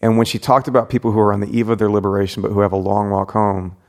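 A pastor hosting a relaxed conversation, his voice sitting a bit low. He speaks reflectively, pausing often with fillers and restarting phrases as he thinks aloud. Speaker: pastor and podcast host. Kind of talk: casual interview chat.

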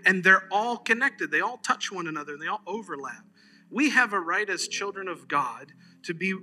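Bright-voiced male pastor, chatty sermon. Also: high-pitched. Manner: conversational, animated storyteller, frequent "amen". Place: church service.

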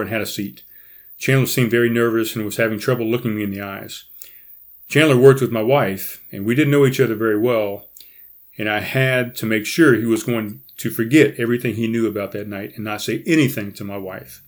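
Brief: male podcast host reading his memoir, dramatic, animated, with dropped-voice asides. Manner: animated, pitch jumps up in quoted dialogue, quiet asides.

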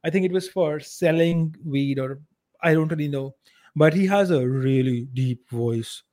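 Blunt Indian-accented man, slightly high voice. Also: unhurried. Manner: blunt, opinionated, uneven loudness. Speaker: podcast co-host. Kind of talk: casual podcast chat.

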